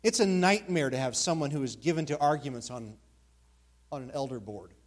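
A pastor preaching an expository sermon, repeating key words and asking rhetorical questions. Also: male voice, mid-range voice, expressive, brisk.

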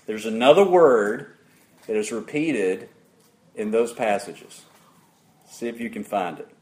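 A man preaching an interactive sermon, putting questions to the congregation in an emphatic, deliberate way. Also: on the low side, a little mellow.

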